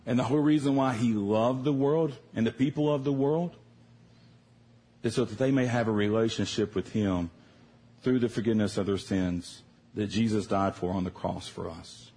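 A man preaching a sermon in a church service, telling a personal story in a conversational, animated way. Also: lowish voice, moderate pace, breathy edge.

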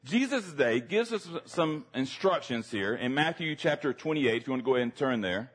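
Southern guy preaching, tells funny stories and acts out his younger self, average pitch. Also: animated, fairly quick, a bit bright, husky. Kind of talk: sermon with personal storytelling.

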